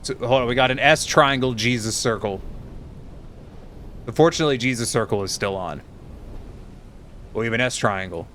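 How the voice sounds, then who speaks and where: A man's voice: mid-range voice, normal speed, long pauses, a bit bright, slight background noise. A man streaming live, chatting casually and teasingly with his viewers while tired and rambling.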